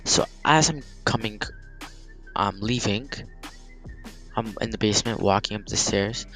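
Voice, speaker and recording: A man's voice: lowish voice, sharp tone, rough recording. A man, a gaming YouTuber, casually telling a story-time vlog, rambling with lots of fillers and some swearing.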